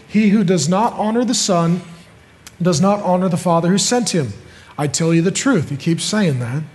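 A man in his thirties preaching a sermon as pastor, emphatic and building to loud, forceful peaks. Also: sits high, expressive, moderate pace.

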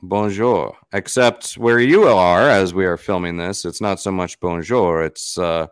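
A man's voice: sits low, a little slow, smooth, no room sound, clean studio sound. A man hosting a paranormal podcast, introducing his guest in a chatty, rambling way with self-corrections. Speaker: podcast host. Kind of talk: casual interview intro.

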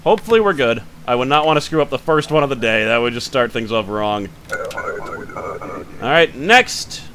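A man giving casual let's-play commentary, thinking aloud as he checks details, quick to grumble and then apologize. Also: medium pitch, wildly swooping pitch, background noise. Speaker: gaming channel host.

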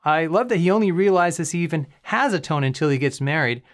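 A man, a communication coach, giving calm, clear educational commentary on a comedy clip. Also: on the high side, fairly quick.

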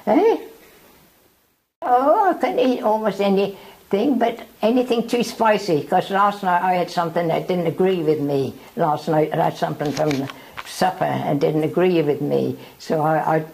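A woman over a hundred years old, from South Africa, giving an oral history interview, speaking haltingly and often repeating herself. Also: lowish voice, creaky, a little mellow, low-quality recording. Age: over 100.

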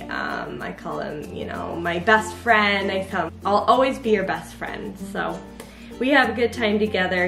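A young woman and mother chatting casually to camera about her son, fond and quick to laugh. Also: medium pitch. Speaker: mother and vlogger. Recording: echoey room with faint music.

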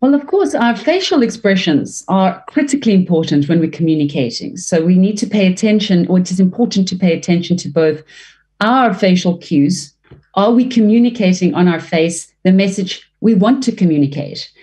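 Woman, voice coach, warm mellow tone, expressive delivery, interview answers. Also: normal speed. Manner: expressive, varies pitch and pace to demonstrate; fluent with frequent restarts. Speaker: leadership trainer and voice coach.

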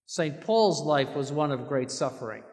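Bishop giving a sermon: male, fairly high voice, earnest, deliberate on key words, church reverb. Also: lively intonation, darkish tone. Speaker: bishop preaching.

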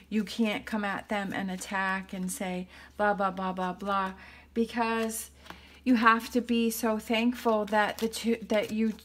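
A woman's voice: medium pitch, a little hiss or hum. A woman giving a tarot reading to her viewers, thinking aloud in a reassuring way and often checking in with "okay?". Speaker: tarot reader.

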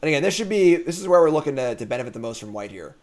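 A man hosting a card game stream, giving casual live commentary as he plays, thinking out loud and joking with chat. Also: a little high, sing-song, very fast. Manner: jokey, reads chat comments aloud.

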